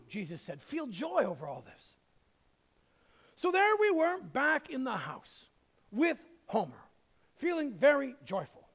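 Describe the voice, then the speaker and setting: A man pastor preaching a sermon, telling a story with light humor in an expressive way. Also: extremely high pitch. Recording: hall reverb.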